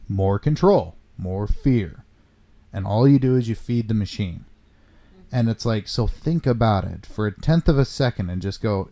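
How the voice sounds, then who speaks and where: Guy ranting about politics, swears a lot, dark mellow voice, asks a ton of rhetorical questions. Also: medium pitch, animated, moderate pace. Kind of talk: casual political chat.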